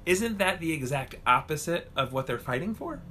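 Guy ranting on a podcast, swears a lot, bright edgy tone, bit of hiss. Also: on the high side, moderate pace. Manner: ranting, profane, animated. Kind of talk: casual chat.

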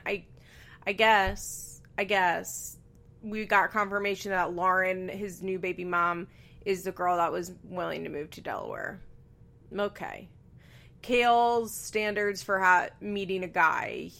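A woman's voice: mid-range voice, gravelly, a bit bright. A young woman hosting a casual solo podcast from a bedroom at home, chatty and sarcastic, swearing freely and laughing between remarks. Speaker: podcast host. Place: bedroom at home with a fan running.

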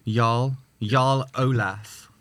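A man's voice: medium pitch, fairly even intonation, drawn-out words, a bit bright, no room sound. A man co-hosting a podcast in casual chat, jokey and mock-indignant, often laughing. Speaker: player and co-host.

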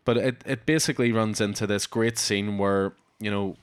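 A man's voice: on the low side, fairly even intonation, normal speed, clean tone, no echo. A man, hosting a casual comics chat and eagerly recounting scenes in detail. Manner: enthusiastic, summarizes scenes in detail. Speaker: podcast host.

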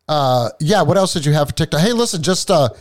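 A man's voice: a little high, expressive, fast. A man in his fifties with a New England accent co-hosting a podcast, rambling casually and swearing now and then. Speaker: podcast co-host.

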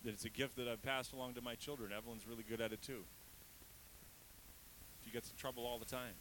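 A man's voice: medium pitch, little pitch movement, fast talker, a bit bright, a little hiss or hum, poor audio. A man in his thirties, a pastor giving a conversational sermon with candid, self-deprecating asides. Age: 30s.

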